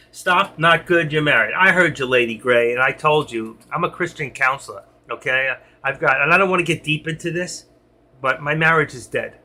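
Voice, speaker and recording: A man's voice: mid-range voice, gravelly, bright, forceful tone. A middle-aged man on a live stream, talking to his chat in an emotional, rambling way and answering viewers by name.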